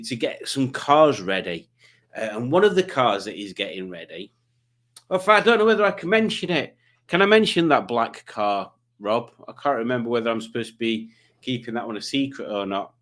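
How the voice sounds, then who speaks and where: A man's voice: mid-range voice, fairly bright tone. Chatty Yorkshire stream host, mid-range voice, loose and rambling as he reads out comments. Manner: rambling, self-deprecating, chatty. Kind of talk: casual chat reading comments.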